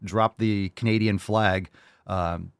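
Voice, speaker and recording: A man hosting his own livestream podcast, delivering a loud, profane, jokey and hyped-up monologue. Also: on the low side, steady tone, takes it slowly, creaky, clear, resonant tone, no echo, clean studio sound. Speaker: podcast host. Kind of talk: brash comedic livestream monologue.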